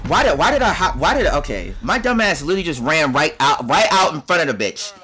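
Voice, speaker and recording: A young man giving profane gameplay commentary, muttering to himself and then bursting into yelling. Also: fairly high pitch, very animated, fast talker, slight background noise. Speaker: gaming channel host.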